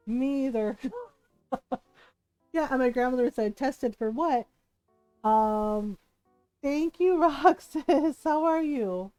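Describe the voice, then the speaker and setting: A woman's voice: mid-range voice, darkish tone. A woman streamer telling a long personal story in a casual way, laughing often and acting out the people she quotes. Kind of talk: casual storytelling while gaming.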